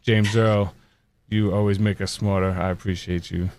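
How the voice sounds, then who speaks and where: A man's voice: fairly low pitch, little pitch movement, normal speed, a little mellow, slight background noise. A man hosting a casual live-streamed talk show, laughing often and thanking his guests and chat. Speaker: host.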